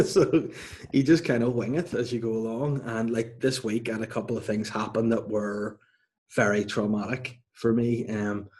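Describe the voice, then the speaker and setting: A man's voice: mid-range voice, fairly even intonation, normal speed, a little mellow. A man in his thirties hosting a podcast, telling rambling, self-mocking stories in casual chat. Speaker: podcast host.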